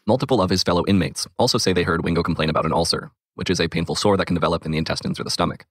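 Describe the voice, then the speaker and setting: A man narrating a scripted story in a measured, matter-of-fact way as host. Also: sits low, no room sound, clean studio sound.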